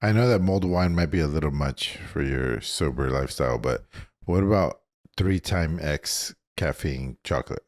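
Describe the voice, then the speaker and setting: A man co-hosting a podcast in casual chat, teasing the others with quick interjections. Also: extremely low pitch, expressive. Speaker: podcast co-host.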